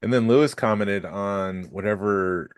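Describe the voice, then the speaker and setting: A man's voice: on the low side, a little slow, clean tone, no room sound. A man co-hosting a casual podcast chat, telling stories with dry, teasing wit. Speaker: podcast co-host.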